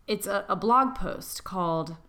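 A woman co-hosting a podcast, chatting casually and giggling, who reads an old legend in a hushed, creepy storytelling voice. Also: mid-range voice, a little slow. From Appalachia. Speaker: podcast co-host. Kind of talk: casual chat and spooky storytelling.

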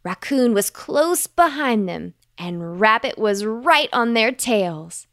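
A woman narrating a bedtime story for children, gentle, clear and unhurried. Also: fairly high pitch, lively intonation, no room sound, studio quality.

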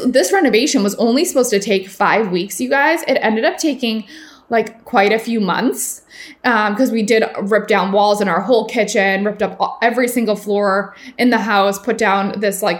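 A woman's voice: medium pitch, normal speed. A woman in her thirties hosting a podcast, telling stories in a chatty style full of fillers like "um" and "like", often laughing as she talks. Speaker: podcast host. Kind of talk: casual chat, storytelling.

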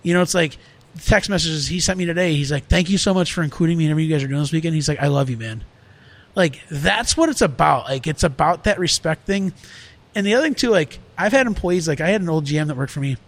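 A man's voice: fairly high pitch, fast talker. Earnest man rambling in casual talk. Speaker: restaurant owner. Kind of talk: casual podcast conversation.

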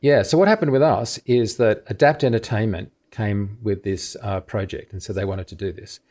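A man's voice: lowish voice, normal speed, darkish tone. A man being interviewed as an expert, explaining carefully step by step with casual fillers. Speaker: guest expert on film dubbing.

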